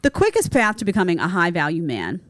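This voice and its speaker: A woman's voice: fairly low pitch, dry recording, clean studio sound. Chatty New York woman hosting. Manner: animated and chatty, quick asides. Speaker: show host. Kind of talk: casual podcast chat.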